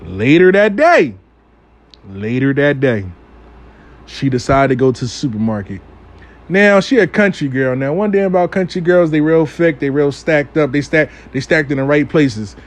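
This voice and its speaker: A man's voice: on the high side, normal speed. A man telling a casual, profane story in loose street slang, often repeating phrases like "out of nowhere". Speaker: storytime vlogger.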